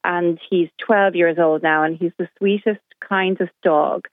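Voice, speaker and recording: A woman's voice: fairly low pitch, fairly even intonation, unhurried, no echo. A middle-aged woman calling into a radio show and telling her story with indignation. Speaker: caller. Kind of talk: phone-in call. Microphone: telephone. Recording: tinny phone line.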